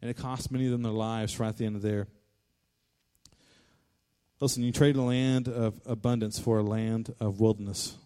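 A man preaching a sermon as pastor, fervent, repeating his lines for emphasis and rising to loud declarations. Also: on the low side, steady tone, moderate pace, pauses often, clear, resonant tone.

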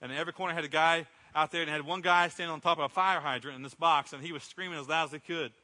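A man's voice: on the high side, steady tone, racing, pushed and bright. A middle-aged man preaching a sermon as a pastor, in a conversational storytelling way that acts out what people said, recorded in a church sanctuary. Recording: long reverb from a church hall.

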